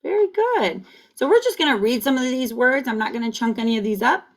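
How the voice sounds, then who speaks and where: A woman teaching kindergarten phonics on video, drilling sounds slowly and cheering the children on. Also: high voice, animated. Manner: slow, encouraging call-and-repeat drilling. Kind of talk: online phonics lesson. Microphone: camera facing the speaker.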